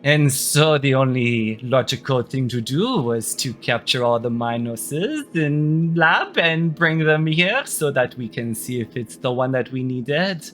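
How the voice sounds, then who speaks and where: A man's voice: medium pitch, expressive, unhurried, hardly any pauses, fairly bright tone, faint music behind. A man voicing a haughty, cruel female queen who taunts her minotaur captives in a tabletop game. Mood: scheming.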